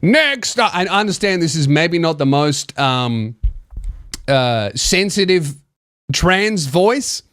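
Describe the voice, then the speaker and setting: Male podcast host, comedic story reading, crude, mocking, lively pitch, dry close sound. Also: slow, no room sound.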